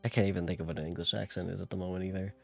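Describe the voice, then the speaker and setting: A man's voice: deep voice, fairly even intonation, racing, gravelly, soft background music. A man reading a classic novel aloud on stream, often tripping over words and correcting himself. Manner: stumbles and corrects himself mid-sentence while reading. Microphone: streaming setup microphone.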